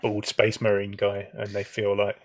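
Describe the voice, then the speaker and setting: A man's voice: lowish voice, completely flat delivery, normal speed, no room sound, studio quality. A man co-hosting a podcast in casual chat, chipping in with short remarks. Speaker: podcast co-host.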